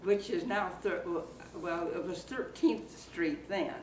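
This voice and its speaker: A woman in her eighties from Iowa, reminiscing slowly and haltingly in an oral history interview held in a library community room. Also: lowish voice, a little mellow. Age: 80s. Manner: slow, halting reminiscing with fillers. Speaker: interviewee, former circus performer. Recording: roomy, distant mic, faint background noise.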